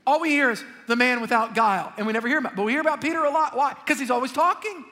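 A male pastor preaching a sermon in an animated, joking way, talking straight to the congregation. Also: very high voice, rapid-fire, long reverb tail. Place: church sanctuary.

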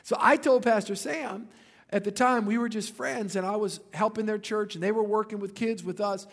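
A man in his fifties preaching in a church, his voice pitched high for a man. He tells stories with energy and throws joking asides to the congregation. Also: moderate pace, creaky. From Louisiana. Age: 50s. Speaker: pastor. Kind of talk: sermon.

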